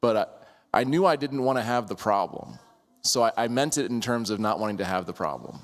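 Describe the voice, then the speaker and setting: A man's voice: lowish voice, lively intonation, brisk, long reverb tail. A man in casual conversation telling a personal story, hesitant with stammered restarts. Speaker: group member sharing a story.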